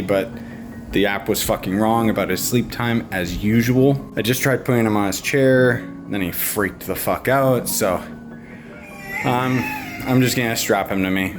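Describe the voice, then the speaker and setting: A young man, a new father, talking frankly on a casual home vlog, stressed and swearing freely. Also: fairly low pitch. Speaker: vlogger, father of a baby.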